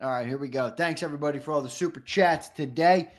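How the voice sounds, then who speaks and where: A man's voice: a little high, quick pace. A man co-hosting a sports talk show, reading viewer messages and agreeing in an easygoing way.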